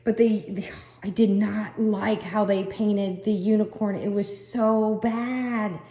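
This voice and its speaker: An older woman crafter vlogging in a rambling, casual way, chatty and quick to laugh, with fillers between thoughts. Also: mid-range voice, fairly even intonation, dark tone. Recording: roomy echo.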